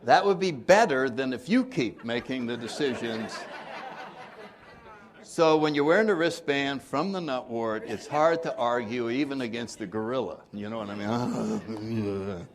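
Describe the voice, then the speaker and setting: A man's voice: medium pitch, lively intonation, a little slow. An older man giving an informal recovery workshop talk, joking and asking the audience questions.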